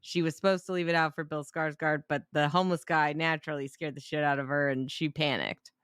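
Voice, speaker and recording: A woman's voice: sits low, a little fast, smooth, no echo, studio quality. A woman co-hosting a podcast, chatting casually and profanely about a movie and acting out quotes. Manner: profane, animated, acts out quotes. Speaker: podcast co-host.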